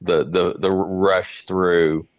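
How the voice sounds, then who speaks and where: A man's voice: sits low, little pitch movement, very slow, dry recording. A man co-hosting a podcast, talking in an earnest, reflective way and often restarting his sentences. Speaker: podcast co-host. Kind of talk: casual chat. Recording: dry, dull lo-fi sound.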